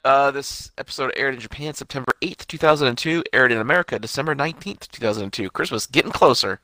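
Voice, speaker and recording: A man's voice: medium pitch, fast, sharp tone, no room sound. A young man co-hosting a casual chat, giving dry, matter-of-fact remarks and episode details. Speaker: podcast co-host.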